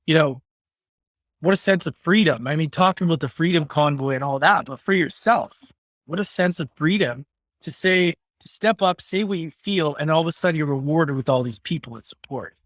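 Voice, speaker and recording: Male podcast host, eager affirming interviewer, slightly high, dry mic. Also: normal speed, a bit bright, no echo. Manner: affirming, eager, says "yeah" and "man". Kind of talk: casual interview chat.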